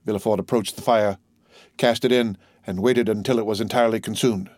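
A man narrating a classic novel as an audiobook reader, with a steady, even reading. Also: lowish voice, a little fast, dry recording, clean studio sound. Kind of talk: scripted narration.

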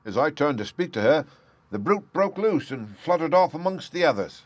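A man's voice: a little high, sing-song, normal speed, dry recording, voice pushed up. A man doing a frantic young thief confessing. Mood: anguished. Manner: pleading, breathless confession. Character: frightened desperate young male thief.

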